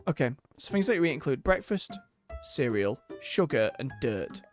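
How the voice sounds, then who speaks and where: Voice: mid-range voice, sing-song, moderate pace, a little mellow, faint music behind, lightly acted. A streamer reading a patient tea-shop keeper.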